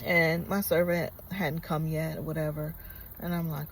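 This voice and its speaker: A woman's voice: deep voice, flat delivery, normal speed, a little hiss or hum, rough recording. A woman vlogger telling a personal story in a casual, earnest and reflective way, rambling with many fillers.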